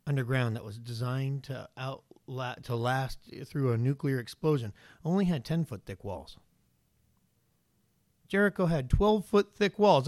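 Animated male preacher, dry close sound. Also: high-pitched, no echo. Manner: animated storytelling, mixes in casual slang. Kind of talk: casual sermon.

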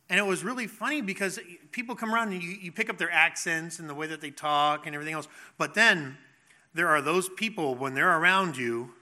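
A man preaching a sermon as pastor, emphatic, dropping to low intense tones and lightening up for anecdotes. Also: bright, forceful tone.

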